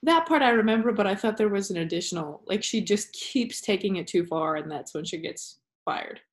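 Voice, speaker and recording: Woman, podcast host, casual chat, rambling, laughs often, middle pitch. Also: expressive, a little fast. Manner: rambling, laughing, self-interrupting.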